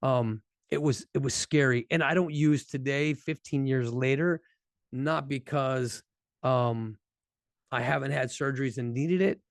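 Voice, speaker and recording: A man's voice: mid-range voice, no room sound. Earnest man telling a hard story, dry sound. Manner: earnest, halting with many restarts and fillers. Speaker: speaker addressing first responders. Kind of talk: personal testimony talk.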